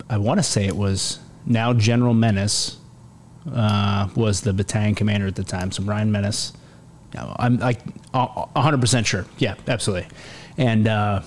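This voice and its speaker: A man's voice: on the low side, a little hiss or hum. A man in his forties, an army sergeant major, telling a war story in a casual interview, acting out quotes with many fillers. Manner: animated, acts out quotes, many fillers and restarts. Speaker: army command sergeant major, podcast guest.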